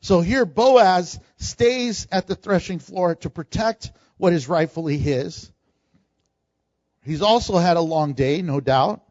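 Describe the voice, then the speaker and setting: Animated high-voiced male preacher. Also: takes it slowly, dry recording, dull audio. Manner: animated, acts out quoted lines, laughs often. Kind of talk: sermon.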